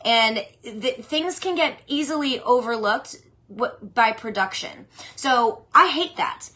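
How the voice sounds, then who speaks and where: A young adult woman hosts a casual solo chat, opinionated and animated, tossing off quick asides as she answers questions. Her voice sits a little high and sounds bright and forceful. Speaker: fantasy football podcast host.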